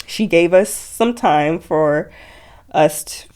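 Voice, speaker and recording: A young woman telling her story as a guest in an interview, speaking softly with many fillers and quoted dialogue. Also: on the low side, takes it slowly. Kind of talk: emotional personal interview.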